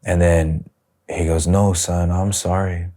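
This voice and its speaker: A middle-aged man from Los Angeles, a prison minister, telling his life story in an interview in a soft-spoken, reflective way, acting out the conversations he recalls. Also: deep voice, flat delivery, takes it slowly. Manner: soft-spoken, reflective, retells scenes with quoted dialogue.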